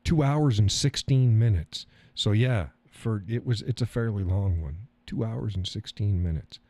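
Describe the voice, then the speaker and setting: Unhurried and mellow, a middle-aged man with a fairly low pitch talks to his live-stream chat, recorded without echo. He reads their comments in a rambling, loose way, swearing now and then and chuckling often.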